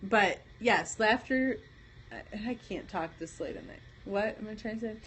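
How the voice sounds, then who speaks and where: A woman co-hosts a late-night livestream in easy, playful chat. She laughs often and keeps the talk light and teasing. Her voice sits at a middle pitch. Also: normal speed, fairly bright tone, breathy edge. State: pregnant. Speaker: livestream co-host.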